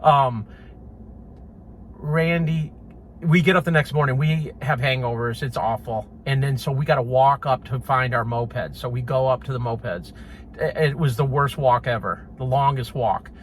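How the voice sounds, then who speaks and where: A man telling a funny personal story in a casual, animated way, often laughing and mimicking sounds. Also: medium pitch, normal speed, a little hiss or hum. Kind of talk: casual anecdote.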